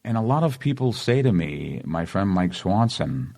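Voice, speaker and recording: Boston man in his 40s, interview guest, low gravelly voice, animated storyteller. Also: moderate pace. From Massachusetts. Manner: animated storyteller, acts out quotes. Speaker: actor guest. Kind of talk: casual interview chat.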